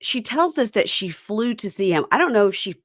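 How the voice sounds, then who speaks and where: A woman hosting a casual recap chat, chatty and quick to mimic people in silly voices. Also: mid-range voice, big pitch swings, no room sound, clean studio sound. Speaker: podcast host.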